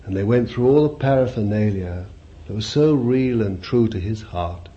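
A man's voice: lowish voice, lively intonation, moderate pace, warm tone. A man preaching a sermon in a conversational way, repeating phrases and putting questions to his listeners. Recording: dull lo-fi recording with faint hiss.

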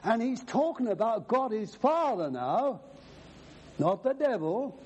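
A man's voice: very high-pitched, big pitch swings, a little slow, darkish tone, husky, dull audio. A man preaching a sermon, emphatic, quoting scripture at length.

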